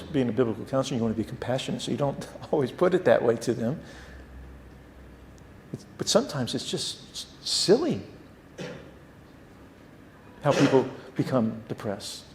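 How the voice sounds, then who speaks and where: A man teaching a theology class at a church. He talks in an animated way and often repeats words. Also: medium pitch, moderate pace, long pauses, reverberant, a little hiss or hum. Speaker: Bible teacher.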